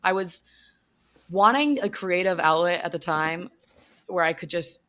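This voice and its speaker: A woman talks casually on a podcast with a slightly low voice. She is chatty and upbeat, and her talk is loose with fillers. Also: a little slow, fairly bright tone. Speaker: podcast guest. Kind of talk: casual chat.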